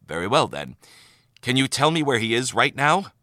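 A man's voice: mid-range voice, sing-song, moderate pace, bright, forceful tone, dry recording, clean studio sound, voice pushed up. A man voicing a stern male station commander who questions in a clipped, authoritative way.

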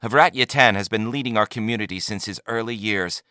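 A man voicing an excitable, proud young male lookout in a story reading, pitching his voice up. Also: brisk, clean tone, no room sound, studio quality. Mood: eager. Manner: excited and boastful.

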